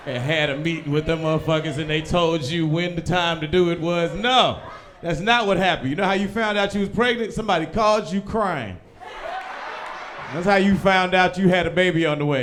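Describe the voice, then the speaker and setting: A young man doing a stand-up comedy set in a small live venue, loud and profane, often shouting as he acts out people in his stories. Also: fairly high pitch. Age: young adult. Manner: loud, animated, profane, swings into shouting impressions.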